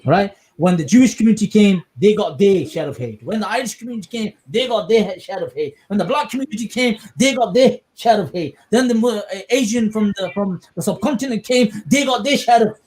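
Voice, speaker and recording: An Englishman hosts a casual podcast discussion in a high-sitting voice, talking briskly with hardly any pauses. He's animated and emphatic, often checking in with listeners with things like "you understand?"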